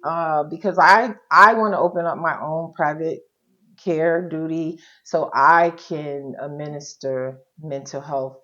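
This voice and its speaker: Low-voiced woman telling her story. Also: unhurried, a bit bright, lo-fi sound. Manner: colloquial and frank, quotes her own past words. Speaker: interview guest, social worker. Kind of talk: candid personal storytelling.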